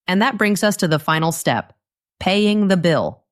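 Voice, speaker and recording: A woman narrating a scripted English lesson, speaking clearly and patiently and acting out short dialogue lines. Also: lowish voice, animated, normal speed. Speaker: English teacher.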